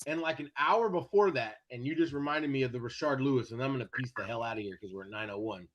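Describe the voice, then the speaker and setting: A man co-hosting a sports podcast, telling a story in casual chat, animated and profane, often laughing as he goes. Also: mid-range voice, fast talker, few pauses. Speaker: podcast co-host.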